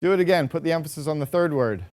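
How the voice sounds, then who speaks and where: A man's voice: fairly high pitch, racing, a little mellow. A man giving a motivational business talk to a live audience, direct and emphatic, with punchy short lines. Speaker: speaker addressing an audience.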